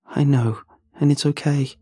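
Gentle female ghost, read by a man; soft, reassuring, husky. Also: on the high side, fairly even intonation, a little slow, dry recording, clean studio sound, voice pushed up.

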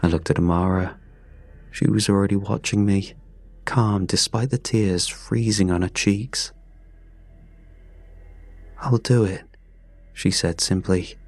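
A man narrating a scripted survival story in a grave, measured way. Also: sits low, darkish tone, husky, no echo.

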